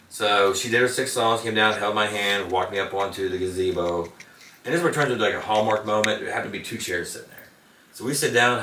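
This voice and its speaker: Male interview guest, quick, rambling storyteller, recorded off-mic in a roomy space. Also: lowish voice, sharp tone, slight background noise. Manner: rambling anecdotes. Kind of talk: casual storytelling. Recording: echoey room, mic at a distance.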